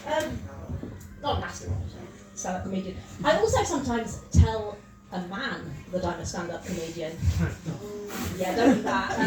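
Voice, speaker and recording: A woman doing a stand-up comedy set in a pub, chatty and self-mocking, with quick asides. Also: medium pitch, background noise. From Wales. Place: pub comedy gig with a live audience. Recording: roomy live mic from a distance, audience laughter.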